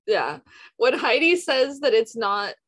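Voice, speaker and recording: A woman with a husky, slightly breathy voice talking casually about a TV show, laughing easily and retelling scenes line by line. The sound is dry and close, with no room around it. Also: on the high side, very animated, takes it slowly, fairly bright tone, dry recording. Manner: laughs often, retells scenes with quoted lines. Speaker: podcast co-host. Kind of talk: casual chat recapping a TV show.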